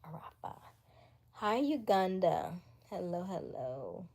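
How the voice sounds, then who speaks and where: A woman from the United States hosting a casual late-night livestream, chatting with viewers, reading their comments and dropping into soft whispers. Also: fairly low pitch, lively intonation, a little slow. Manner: chatty, laughs often, reads viewer comments aloud; drops into soft whispers between remarks. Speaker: livestream host.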